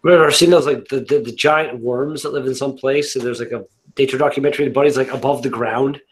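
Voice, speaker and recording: A man in a casual live video chat, telling rambling drawn-out anecdotes. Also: mid-range voice, fairly even intonation, a little hiss or hum.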